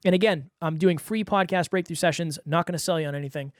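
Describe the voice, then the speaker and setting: A man's voice: on the high side, fast, no echo, studio quality. A man hosting a solo podcast, talking straight to the listener in an earnest, coaching way.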